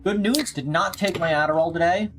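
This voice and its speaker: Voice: medium pitch, fairly quick, soft background music. A VTuber game streamer chatting casually, goofy and self-mocking. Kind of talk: casual livestream chat.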